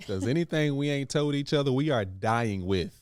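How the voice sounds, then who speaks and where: A man's voice: mid-range voice, animated, normal speed, a little mellow, smooth, no room sound, clean studio sound. Laughing, laid-back man co-hosting a podcast. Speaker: podcast co-host. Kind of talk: casual chat.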